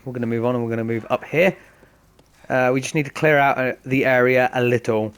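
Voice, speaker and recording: A man's voice: mid-range voice, steady tone, a little fast, fairly bright tone, clear, resonant tone. A man commenting casually on a game, explaining each step to viewers in a chatty way. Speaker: gaming host. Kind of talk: casual let's-play commentary.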